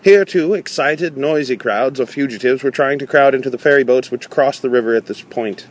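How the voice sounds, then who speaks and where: A man reading a novel aloud in a measured way, with small slips and restarts. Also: mid-range voice. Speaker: audiobook reader.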